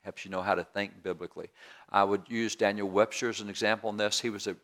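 A man's voice: on the low side, fairly even intonation, quick pace, a bit bright. A man preaching a sermon in a folksy, down-home way, repeating phrases for emphasis. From rural area.

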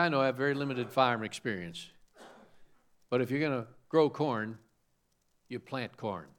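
Animated preacher with a lively voice. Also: male voice, mid-range voice. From suburban Chicago. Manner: animated preaching with rhetorical questions and homespun stories. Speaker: pastor. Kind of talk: sermon.

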